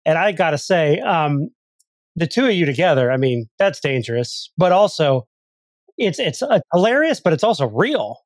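A man's voice: a little high, very animated, normal speed, no room sound. A man co-hosting a podcast interview, enthusiastic and chatty with plenty of fillers. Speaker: podcast co-host. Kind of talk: casual interview.

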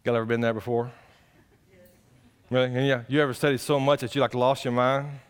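A male pastor preaching a conversational sermon, swinging between loud exclamations and quiet asides. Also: medium pitch, flat delivery, fairly quick, clean tone.

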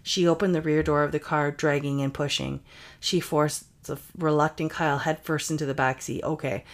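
A woman's voice: deep voice, steady tone, normal speed. A woman podcast co-host reading a spooky romance story aloud, with playful asides. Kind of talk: comedic story reading with banter.

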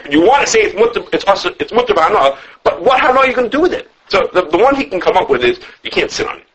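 Fast, animated man teaching in a husky voice. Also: high-pitched. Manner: animated, quick, self-correcting, answers questions. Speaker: Torah teacher. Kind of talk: informal halachic class. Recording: dull lo-fi recording.

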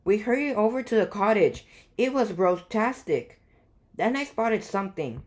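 A woman reading a children's picture book aloud, with clear storybook narration. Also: medium pitch, lively intonation, normal speed, darkish tone. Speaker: guest reader.

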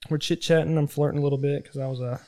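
A young man in his twenties tells loose, profane stories in a relaxed chat. His tone is mellow and warm, and he keeps slipping into quick impressions of the people he is quoting. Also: on the high side. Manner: rambling, profane, acts out quoted voices. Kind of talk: casual storytelling chat.

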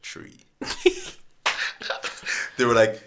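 Lively young man telling jokey stories. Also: mid-range voice, fast, noisy background. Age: young adult. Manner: animated, laughing, jokey storytelling. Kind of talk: casual chat.

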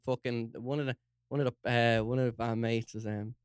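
A young man with a Dublin accent, co-hosting a podcast, telling a story in an animated way, swearing and acting out quotes. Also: medium pitch, fairly quick, clear, resonant tone, no room sound, studio quality. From Ireland. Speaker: podcast co-host. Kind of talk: casual storytelling chat.

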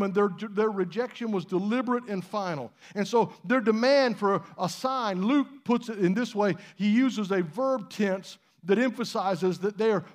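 A man preaching a sermon in church, conversational and emphatic, with rhetorical questions. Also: high voice. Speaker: pastor.

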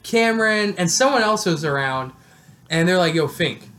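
Young guy with a high voice jumping into a podcast story, laughing, swearing. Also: animated, moderate pace, bright, forceful tone. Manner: chiming in, laughing, profane. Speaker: podcast co-host. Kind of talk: casual storytelling chat.

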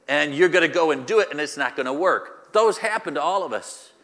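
A man's voice: a little high, bright, forceful tone, in a large hall. A male pastor preaching a sermon, using rhetorical questions and repetition, recorded in a church.

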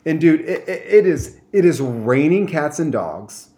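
A man's voice: fairly high pitch, expressive, unhurried, dark tone. A young man from Michigan, a guest telling a story in casual chat, rambling with many fillers and restarts.

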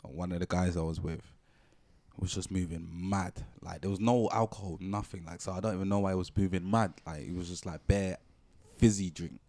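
A young man, telling a story on a podcast in animated slang. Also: low voice, a little fast, dry recording. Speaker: podcast co-host. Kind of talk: casual storytelling chat.

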